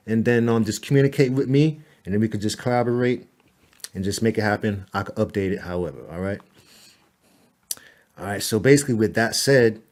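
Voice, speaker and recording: Man, lowish voice, casual screen-recorded tutorial, relaxed and chatty, self-amused. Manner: relaxed, chatty, repeats "all right" and "boom"; laughs at himself, mutters to the slow computer. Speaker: web designer walking a client through site editing.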